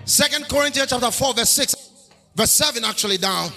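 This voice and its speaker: A male minister preaching a charismatic sermon in a high, very bright and gravelly voice. He shouts and sings his lines in a slow, swooping cadence, breaking into tongues. Soft music plays underneath. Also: lively intonation. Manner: shouting, sing-song preaching.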